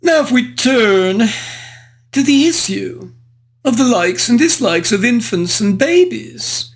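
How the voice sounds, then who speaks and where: A performer voicing a frivolous, foppish English aristocrat gentleman, narrating a book review in character with flowery, old-fashioned, genteel diction. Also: medium pitch, expressive, slow.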